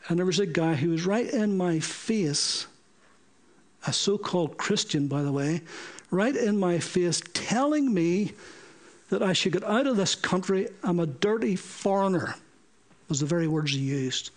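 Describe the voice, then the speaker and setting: A middle-aged man, preaching a sermon through stories and acting out the dialogue he quotes. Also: sits high. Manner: animated, acts out quoted dialogue. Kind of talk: sermon storytelling.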